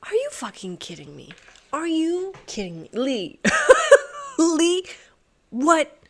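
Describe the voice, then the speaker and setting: A woman hosting a sudoku video who thinks aloud as she solves. She is excitable and swears and laughs in disbelief as she talks to herself and her viewers. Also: sits high, slow. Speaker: host solving a sudoku puzzle. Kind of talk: thinking aloud while solving a puzzle.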